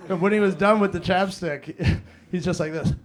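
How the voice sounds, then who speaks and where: A man's voice: high voice, normal speed. A young man telling profane stand-up stories on a comedy club stage and acting out the dialogue. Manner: loose, profane storytelling with acted-out dialogue. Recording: noisy live club recording.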